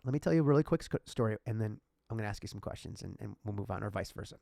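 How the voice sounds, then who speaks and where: A man hosts a casual podcast with a gravelly, fry-edged voice. His heartfelt storytelling carries emotion right at the surface. The recording is close and dry. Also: lowish voice, lively intonation, rapid-fire, mellow, no room sound. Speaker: podcast host.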